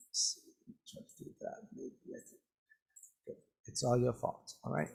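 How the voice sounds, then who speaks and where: A man teaching an English vocabulary lesson, explaining words slowly and checking in with "okay?" after almost every phrase. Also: mid-range voice, huge pitch swings, gravelly. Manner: repetitive, drawn-out explanations with many "okay?" checks. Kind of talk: slow classroom vocabulary lesson.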